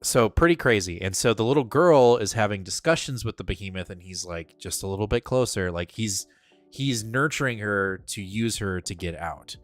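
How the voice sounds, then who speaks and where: Male co-host, lower register, casual and excitable, loose profanity, faint background music. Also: normal speed, dry recording. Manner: excitable, swears casually, filler-heavy. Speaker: podcast co-host. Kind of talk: casual comic book review chat.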